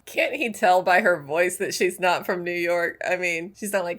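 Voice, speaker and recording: A woman's voice: on the low side, moderate pace, hardly any pauses. A young woman from Alabama with a Southern accent, chatting casually and laughing as she reacts to a film. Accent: Southern American. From Alabama, USA. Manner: chatty, laughs often, animated asides. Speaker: movie reaction host. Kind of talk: casual movie reaction commentary. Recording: music from the film behind the voice.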